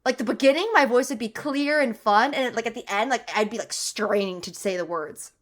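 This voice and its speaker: A woman's voice: fairly high pitch, a little fast, background noise. A young woman voice actor chatting animatedly as she reacts to her show and acts out lines. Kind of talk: casual reaction commentary.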